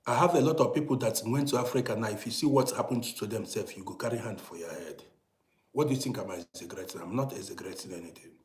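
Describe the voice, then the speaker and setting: This Nigerian-accented vlogger talks fast in a fairly low voice, ranting emphatically at his audience and repeatedly asking rhetorical questions. The recording, made indoors in Europe, carries a roomy echo.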